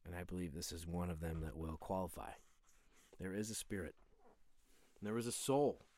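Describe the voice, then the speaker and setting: A man's voice: deep voice, normal speed, warm tone, no room sound. A man hosting a training session, speaking in an earnest, musing and humble way. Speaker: fitness video host. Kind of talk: reflective spoken monologue.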